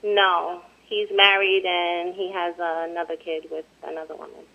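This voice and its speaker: A soft-spoken woman chatting as a guest and reading a news story aloud. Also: on the low side, level tone, moderate pace, creaky. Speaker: show guest and co-host. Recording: tinny phone-line sound.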